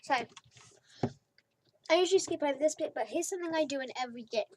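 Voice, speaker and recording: A woman's voice: high voice, a little fast, darkish tone, a little hiss or hum. A young British woman giving rambling, chatty commentary over her video game, filling gaps with "like" and trailing into whispers. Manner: rambling, chatty, lots of "like" fillers. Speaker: gaming YouTuber. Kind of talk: casual let's-play commentary.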